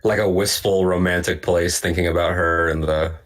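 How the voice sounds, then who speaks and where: A man's voice: deep voice, steady tone, moderate pace, fairly bright tone. A man co-hosting a podcast in casual chat, riffing and joking playfully. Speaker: podcast co-host.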